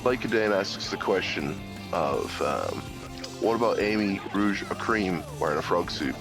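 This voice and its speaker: A man's voice: low voice, expressive, a little slow. A man commentating in casual banter, playful and full of mock outrage. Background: game music.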